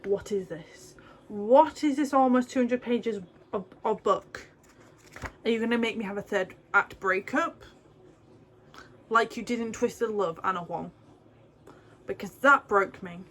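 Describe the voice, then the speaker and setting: A woman's voice: a little high, measured pace, pauses often, a bit bright. A young British woman chatting casually to camera as a book vlogger, gushing and rambling with asides. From Britain. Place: home, indoors.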